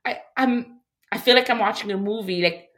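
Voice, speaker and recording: A woman's voice: fairly high pitch, normal speed, a bit bright. A woman in a candid, casual conversation, talking in an emotional, reflective way with many fillers.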